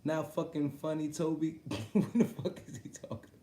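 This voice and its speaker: A man's voice: a little high, fairly even intonation, normal speed, mellow, a little hiss or hum. Profane laughing man streaming in a roomy echo. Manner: profane, laughing, talks straight to viewers. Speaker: sports talk streamer. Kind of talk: casual livestream chat about boxing.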